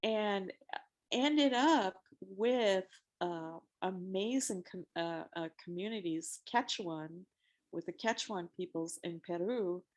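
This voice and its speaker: A woman in her sixties speaking slowly in a casual panel discussion, often laughing and pausing on fillers. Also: medium pitch. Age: 60s.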